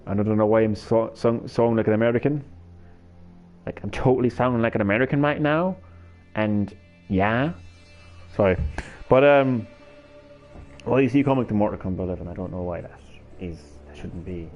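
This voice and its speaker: A man's voice: on the low side, a little fast, long pauses, darkish tone, soft background music. A man chatting to viewers on a live stream, rambling, stammering and swearing casually as he swings between hyper and drowsy. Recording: slightly dull lo-fi stream audio.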